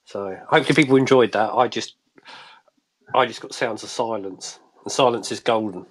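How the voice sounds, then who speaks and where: A man's voice: lowish voice, normal speed. A man joining a live online show as a guest by phone, talking in a rambling, chatty way with many restarts. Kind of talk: casual chat on a live show.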